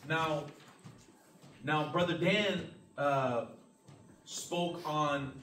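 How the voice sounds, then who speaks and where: A man's voice: fairly high pitch, roomy sound. Preacher guy teaching bible class, keeps saying amen, distant mic, faint hiss. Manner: earnest, emphatic, frequent "amen" and restarts. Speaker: pastor teaching a church class. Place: church classroom.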